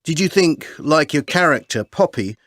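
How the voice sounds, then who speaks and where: A man interviewing a guest in a scripted exam-audio interview, asking his questions clearly and expressively. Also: fairly high pitch, expressive, moderate pace, a bit bright, no echo.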